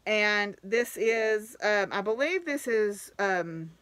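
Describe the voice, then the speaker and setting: A woman's voice: mid-range voice, animated, slow, fairly bright tone, no echo. A woman hosting a knitting podcast, chatting casually and gratefully, with frequent exclamations. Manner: gushing, grateful, chatty with laughs. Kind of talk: casual chat to camera.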